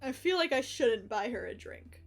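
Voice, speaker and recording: A young woman on a live stream with a high, bright voice, reacting to a dating game with excitable laughter and blunt swearing. She reads the story aloud and breaks off into quick commentary. Soft music plays faintly under her voice.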